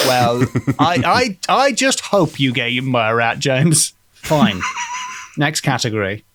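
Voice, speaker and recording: Animated, playful male podcast co-host. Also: mid-range voice, measured pace. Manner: playful, breaks into mock singing. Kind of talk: comedic banter.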